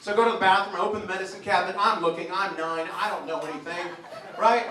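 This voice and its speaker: A man's voice: high-pitched, fairly even intonation, fast talker, sharp tone. A man in his forties doing crude live stand-up in a pub, telling punchy stories. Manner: brash, crude storytelling with punchy one-liners. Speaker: stand-up comedian. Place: pub stage in front of a live audience. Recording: distant echoey pub room with crowd laughter. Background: audience laughter and bar ambience.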